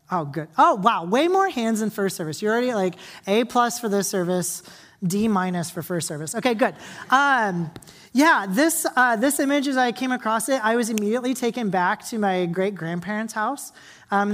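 Chatty young woman preaching a sermon. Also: medium pitch. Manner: casual, chatty, with many fillers and audience asides; soft, quiet reading and prayer. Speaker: pastor. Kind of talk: scripture reading. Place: church hall.

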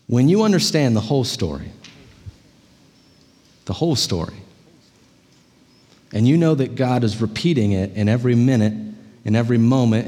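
A man preaching a sermon as pastor, telling stories in an animated way and checking in with the congregation. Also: medium pitch, big-room sound. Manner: animated storytelling, frequent "right?" check-ins.

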